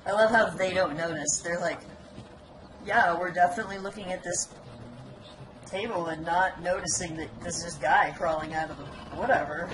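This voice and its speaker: A young woman laughs frequently and teases casually as she comments on her video game in a lowish voice, with fairly even intonation and a moderate pace. Loud music plays behind her in this low-quality home recording, where background noise is clear.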